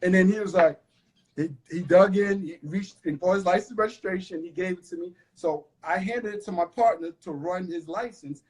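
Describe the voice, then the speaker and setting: A middle-aged man, a law enforcement analyst, tells a story from his police work in an animated way, acting out the voices of the people in it. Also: high-pitched, normal speed, poor audio. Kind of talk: animated storytelling in a studio interview.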